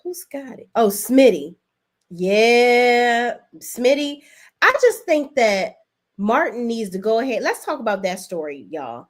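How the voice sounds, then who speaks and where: Woman doing a chatty soap recap live, talks right to her chat, casual and animated, black vibe. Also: fairly high pitch, slow. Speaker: host.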